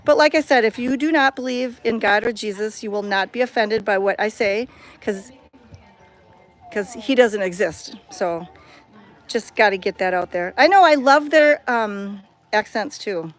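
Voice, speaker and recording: A woman's voice: mid-range voice, a little slow, faint music behind. A woman vlogging on a phone camera outdoors at a cat sanctuary, chatting in a bubbly, enthusiastic way. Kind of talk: casual walking vlog. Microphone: handheld phone camera.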